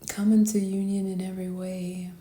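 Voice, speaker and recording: A tired woman giving a spiritual tarot reading, talking sleepily and softly, often half whispering. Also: mid-range voice, flat delivery, reverberant. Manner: sleepy, slow and soft-spoken, often whispering. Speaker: tarot reader.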